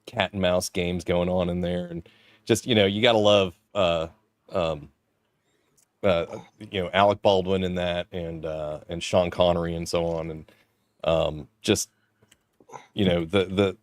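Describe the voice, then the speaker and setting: Low-voiced, halting man, dry sound. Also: steady tone, dry recording. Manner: halting, many fillers. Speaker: podcast panelist. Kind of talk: casual chat.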